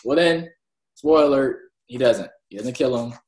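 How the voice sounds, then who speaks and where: A man's voice: medium pitch, normal speed, darkish tone. Rambling man in an echoey room. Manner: rambling, retells scenes acting out lines, uses y'all. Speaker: podcast co-host. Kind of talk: casual chat recapping an anime.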